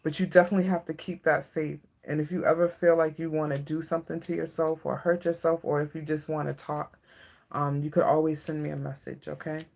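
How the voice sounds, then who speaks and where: A woman giving a live-stream tarot reading, soft-spoken and emotional, often checking in with her viewers. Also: sits low, flat delivery, a little fast, vocal fry. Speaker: tarot reader.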